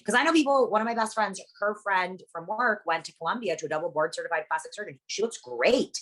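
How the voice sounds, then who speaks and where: A young Guatemalan woman who works at a plastic surgery practice speaks as a guest in a casual interview, her medium-pitched voice expressive and fairly bright. She talks bluntly and emphatically in a rapid-fire stream, swearing plenty along the way.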